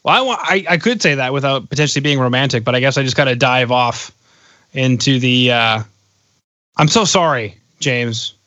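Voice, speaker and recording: A man's voice: mid-range voice, normal speed, bright, forceful tone, no echo. A man in his thirties hosting a podcast interview, talking in a rambling, reflective way with jokes mixed in. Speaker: podcast host. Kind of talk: casual interview chat. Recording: dull lo-fi, dry close sound.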